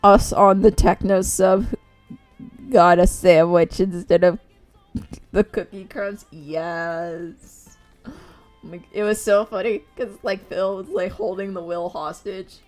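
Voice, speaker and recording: A woman's voice: medium pitch, fairly even intonation, takes it slowly, a little mellow, soft background music. A woman streaming as she draws, chatting casually and giggling as she retells things with acted quotes. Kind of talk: casual chat while drawing.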